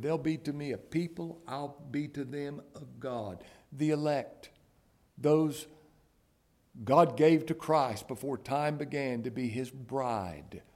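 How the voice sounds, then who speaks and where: A man delivering a sermon at an unhurried, drawn-out pace. His voice sits at an ordinary middle pitch. He swings from near-whispered asides to raised, emphatic declarations. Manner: dramatic swings from hushed whispers to raised exclamations. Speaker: preacher.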